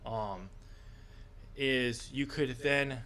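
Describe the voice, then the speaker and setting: A man's voice: medium pitch, extremely slow, sharp tone. Man hosting a casual wrestling chat. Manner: hesitant, many fillers. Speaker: podcast co-host.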